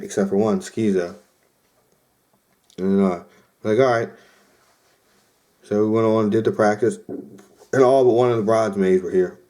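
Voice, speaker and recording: A man's voice: on the low side, a little mellow. A young man hosting a podcast, casually telling a rambling story with lots of fillers and quoted asides. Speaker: podcast host.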